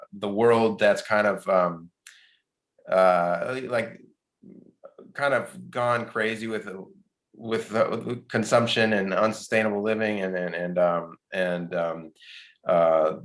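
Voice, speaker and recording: A male film director answering questions at a post-screening talk, halting, with many restarts and fillers. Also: on the low side.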